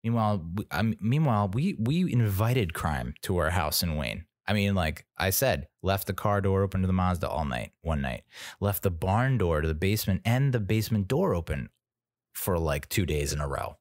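A podcast host with a deep, animated voice tells a rambling, profane story in a casual monologue, swearing and acting out what people said. He talks at a normal speed, and the recording is dry with clean studio sound.

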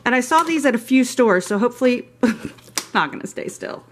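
A woman's voice: on the high side, lively intonation, moderate pace, a little hiss or hum. Chatty gushing woman vlogger. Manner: chatty and gushing, rambling asides. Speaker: haul vlogger. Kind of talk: casual show-and-tell vlog.

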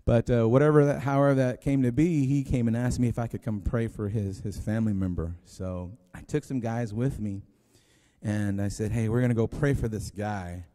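A man's voice: mid-range voice, moderate pace, warm tone. A man preaching a sermon as pastor, telling a story in a rambling, conversational way with many restarts. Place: church sanctuary. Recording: long hall reverb.

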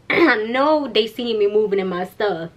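A woman's voice: mid-range voice, lively intonation, unhurried, a little hiss or hum. A young woman vlogging casually, chatty and candid, swearing freely and calling her viewers girl and y'all. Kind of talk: casual vlog chat.

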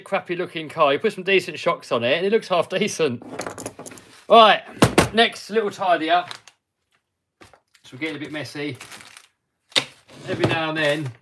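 The recording is very noisy as a British RC hobby livestream host with a voice on the high side chats casually while building a model kit. He narrates each step aloud and answers viewers.

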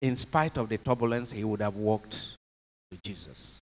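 In a chapel, a priest with a lowish voice delivers an emphatic homily at normal speed, putting questions to his congregation. The recording carries a long chapel reverb.

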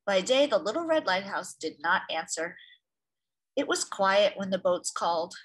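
A woman hosting storytime, reading a picture book aloud to children in an expressive, gentle way. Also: medium pitch, moderate pace, husky. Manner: gentle, expressive reading with lively voices for sounds.

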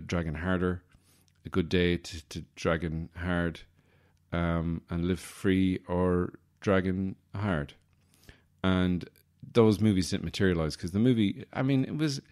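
With a darkish tone to his very low, deep voice, a man hosts a comedy podcast. He meanders from one tangent to the next, wry and self-deprecating, often correcting himself mid-thought.

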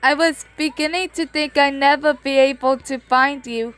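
A woman's voice: high voice, steady tone, normal speed, a bit bright, dry recording. A woman voicing a bossy, earnest talking cat mentor who gives firm instructions, with faint music behind. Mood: instructive.

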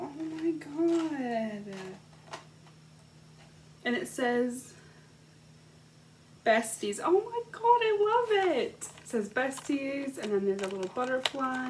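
A young woman chatting casually as she unboxes gifts at home on the floor, gushing and excitable. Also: fairly high pitch, slight background noise, rough recording. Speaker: vlogger. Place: indoors at home, sitting on the floor.

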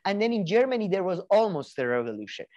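A man's voice: high-pitched, big pitch swings, quick pace, a little mellow, highs cut off. A man co-hosting a podcast in casual chat, rambling with many restarts, fillers and the odd swear word. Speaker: podcast co-host.

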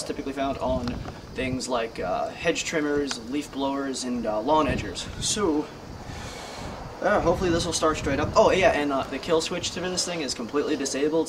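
Self-mocking man rambling in a casual vlog, mid-pitched, caught from back on the camera with street noise all around. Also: recorded from a distance. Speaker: vlogger. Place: outdoors on a street.

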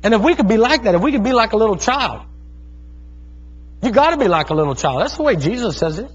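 A man's voice: high voice, sing-song, quick pace, slightly rough. A man in his thirties preaching a sermon, calling out to the congregation and telling stories with fervent energy. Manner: fervent, calls out to congregation, storytelling. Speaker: pastor. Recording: dull lo-fi sermon recording.

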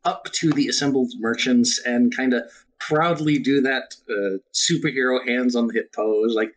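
A man's voice: mid-range voice, normal speed, poor audio. A man playing in a tabletop game, casually describing what his small character does. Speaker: player.

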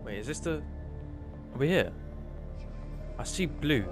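A young man streaming a game live, excitable and swearing often, talking to the creatures on screen. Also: medium pitch, a little slow, over music. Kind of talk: live gameplay commentary.

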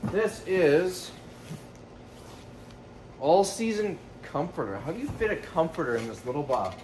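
A reseller vlogger unboxes items for resale, joking casually and thinking aloud as he goes. His voice is a little high and expressive, his pace measured, with background noise present.

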